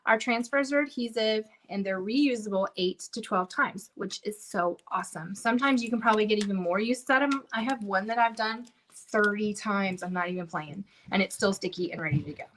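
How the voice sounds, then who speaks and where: Chatty woman doing a home craft livestream, bubbly, talks right at the viewers, mid-pitched everyday voice. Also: fairly quick, hardly any pauses, a bit bright, a little hiss or hum. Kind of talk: casual livestream crafting chat. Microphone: livestream camera setup.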